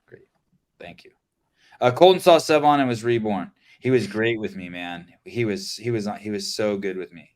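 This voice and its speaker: Male podcast host, low-ish voice, excitable and profane, loose casual chat. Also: normal speed. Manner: excitable, swears, trails off into fillers.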